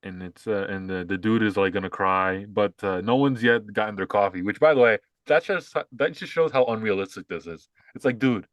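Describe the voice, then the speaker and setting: A man's voice: lowish voice, a little fast, hardly any pauses, dry recording. Rambling, sarcastic young male podcaster. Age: young adult. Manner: rambling, filler-heavy, sarcastic. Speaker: podcast co-host. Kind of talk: casual political commentary.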